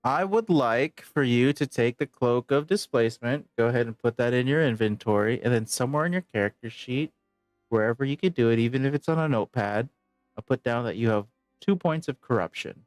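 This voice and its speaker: A relaxed man running a tabletop game as game master, laughing often. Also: mid-range voice, a little fast, dry recording, faint music behind.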